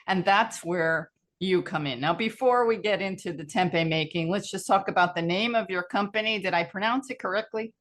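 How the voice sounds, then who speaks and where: A woman's voice: mid-range voice, normal speed, hardly any pauses, a bit bright. A woman hosting a radio interview, conversational and prone to tangents. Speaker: radio show host.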